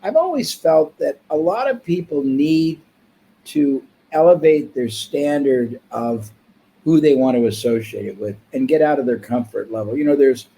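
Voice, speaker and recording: A man interviewing an author, breaking in with measured, reflective remarks. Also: fairly high pitch, animated, warm tone, rough recording. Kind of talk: conversational interview.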